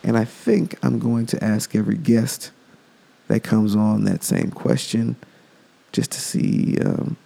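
A man's voice: on the low side, gravelly, dark tone, breathy edge. A man hosting a podcast, talking in a loose, rambling casual monologue. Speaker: podcast host.

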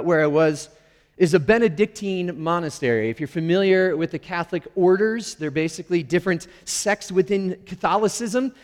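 A middle-aged male pastor giving a conversational, candid sermon with playful, self-deprecating asides. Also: sits high. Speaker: lead pastor. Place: church sanctuary. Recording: long reverb of a large hall.

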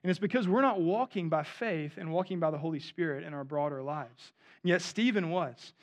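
A man's voice: fairly high pitch, brisk. A man in his thirties preaching a sermon in a conversational way, often asking his listeners "right?". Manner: conversational, asks the audience "right?". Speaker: pastor.

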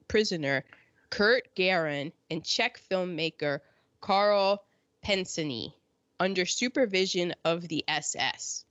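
A woman's voice: on the low side, fairly bright tone, no room sound. An American woman hosting a casual history chat, sarcastic, often mocking people in quoted voices. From United States. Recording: dull lo-fi sound.

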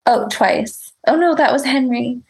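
A woman's voice: a little high, unhurried, gravelly, darkish tone, husky, poor audio. A woman telling a story in casual chat, laughing often, swearing and rambling with lots of fillers.

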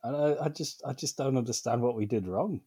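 A man's voice: medium pitch, fairly quick, dark tone, husky, no room sound. A man from the UK co-hosting a film podcast, talking in a sarcastic, laughing way. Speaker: podcast co-host. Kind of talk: casual chat.

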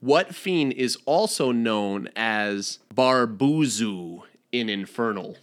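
A man's voice: mid-range voice, lively intonation, slow pace, faint music behind. A man hosting a fantasy monster trivia game, announcing questions and rulings in a playful way. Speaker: quiz host. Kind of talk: game show quiz hosting.

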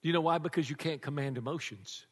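An older man preaching a sermon to a congregation, animated and joking, laughing often. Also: a little high, fast talker, slightly rough. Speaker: pastor. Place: church before a congregation. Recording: long reverb of a large church.

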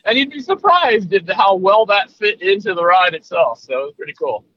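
A man's voice: high-pitched, animated, a little fast, no room sound, highs cut off. A man co-hosting a podcast, chatting in an easygoing, rambling way. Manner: rambling, lots of fillers and restarts, easygoing. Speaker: podcast co-host. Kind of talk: casual chat.

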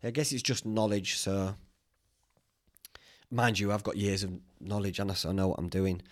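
His voice on the low side with fairly even intonation and a moderate pace, a young Northern English man hosts a podcast. He meanders through stories in a casual, chatty way and swears freely.

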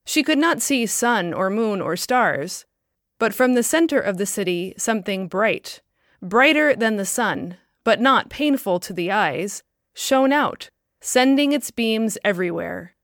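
A woman narrating a story in a calm, measured reading. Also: mid-range voice, dry recording, studio quality.

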